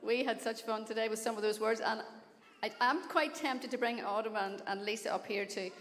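An older woman with a Northern Irish accent, a guest preacher talking effusively to a church and breaking into excited exclaims and laughs. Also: fairly high pitch, brisk. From Northern Ireland. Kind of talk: warm church address. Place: large church sanctuary. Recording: long hall reverb.

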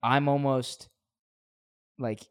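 A man co-hosting a sports podcast, telling a story in an animated casual way with frequent swearing. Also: medium pitch, extremely slow, clean tone. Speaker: podcast co-host.

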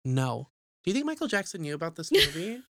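A young adult podcast co-host recapping a horror movie in casual, profane, jokey talk, acting out the characters in quick asides. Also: mid-range voice, no room sound. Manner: animated, profane, jokey storytelling.

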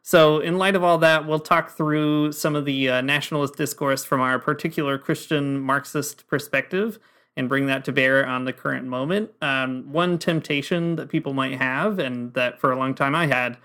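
A man's voice: mid-range voice, fairly even intonation, moderate pace, a bit bright, clean tone. A man co-hosting a podcast, explaining ideas in a thoughtful, casual way. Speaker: podcast co-host.

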